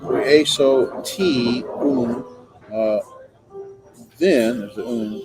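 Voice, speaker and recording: Male teacher, classroom lecture, halting and filler-heavy, music bed behind. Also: medium pitch, poor audio. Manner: hesitant, many fillers and self-corrections. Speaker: Greek instructor.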